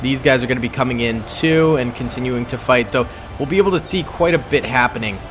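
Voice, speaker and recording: A man's voice: mid-range voice, fast. Man, gameplay commentary, chatty, upbeat, playful slang, music under voice. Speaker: gaming YouTuber commentating a battle simulation.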